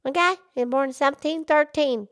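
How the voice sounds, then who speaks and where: A woman's voice: high voice, a little fast, dry recording, clean studio sound. A woman voicing a cheerful, enthusiastic pig who hosts a children's educational show. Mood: upbeat. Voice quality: bubbly, enthusiastic. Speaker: show host.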